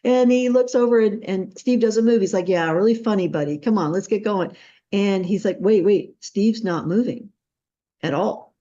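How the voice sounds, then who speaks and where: Woman host spinning a story, voices all the quotes, mellow tone, kinda dull lo-fi audio. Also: normal speed. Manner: animated, acts out quotes with big pitch jumps. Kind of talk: storytelling in a casual interview.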